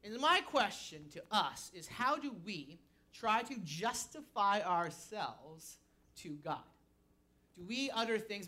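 A woman pastor preaching a sermon, telling stories with animated energy and rising to shouts. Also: medium pitch, normal speed.

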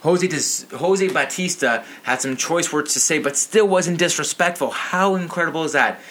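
A man's voice: fairly high pitch, moderate pace, a bit bright. A man ranting about sports to his channel's viewers, outraged, profane and a little tipsy.

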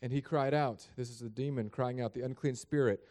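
A man's voice: mid-range voice, steady tone, fairly quick, a little mellow. A man preaching a sermon in a chapel, praying and reading scripture in an earnest, plain-spoken way that speaks straight to the congregation. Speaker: pastor.

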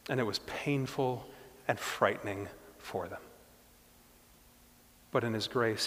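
A man preaching a sermon as a pastor, moving from quiet, reflective passages to loud, emphatic stretches. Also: medium pitch, long reverb tail.

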